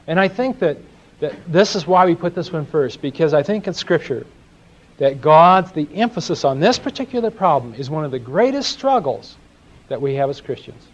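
A man teaching a sermon, telling folksy stories and asking his audience questions. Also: fairly high pitch. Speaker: Bible teacher. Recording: dull lo-fi live recording.

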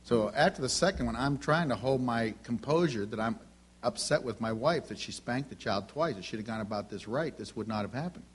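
A middle-aged male preacher, animated and talking a little fast in a mid-range voice, has a husky, breathy quality. Mid-sermon, he relates folksy family anecdotes and slips into the characters' dialogue.

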